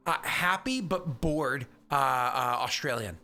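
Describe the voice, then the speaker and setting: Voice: medium pitch, expressive, takes it slowly, bright, forceful tone, faint music behind. A game master chatting and joking with players over a voice call, often laughing at himself or herself. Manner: chatty, laughing, self-deprecating. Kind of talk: casual chat over a voice call.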